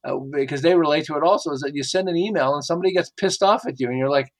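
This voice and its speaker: A middle-aged marketing expert, appearing as a guest, chats casually in an interview, telling stories and acting out quotes with animation. His voice is a little high and very fast.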